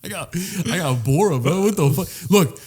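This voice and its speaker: A man's voice: a little high, animated, normal speed, a little mellow, slightly rough. A man co-hosting a casual comedy podcast, rambling through stories, swearing and acting out the voices of people he met. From Los Angeles. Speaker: podcast co-host.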